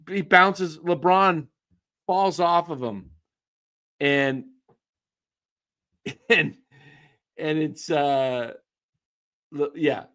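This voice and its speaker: Brief: scornful male sports ranter, slightly high voice, unhurried delivery. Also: fairly bright tone. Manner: scornful, ranting, mocking. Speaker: sports commentator ranting to his viewers. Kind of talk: casual sports rant.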